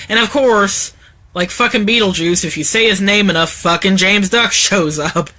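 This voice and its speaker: A man's voice: sits high, a little slow, pushed and bright. A man co-hosting a live stream, talking in a laid-back, rambling way with plenty of swearing and fillers. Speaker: co-host. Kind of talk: casual live-stream chat. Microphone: phone.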